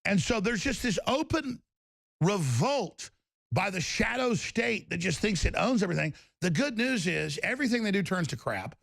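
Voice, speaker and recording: A middle-aged man with a heavily gravelly, rough voice, pitched fairly high for a man, ranting on a political radio talk show. He speaks heatedly and slips into mocking impressions of others. The sound is close and dry. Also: fairly bright tone, no echo. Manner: ranting, dramatic mocking quotes.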